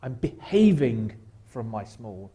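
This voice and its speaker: A guest speaker at a church, a man, talks his listeners through a slow reflective exercise. His voice is mellow and dark, with a wry, gentle humor at a middling pitch. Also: very animated. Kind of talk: guided reflection talk at church. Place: church sanctuary.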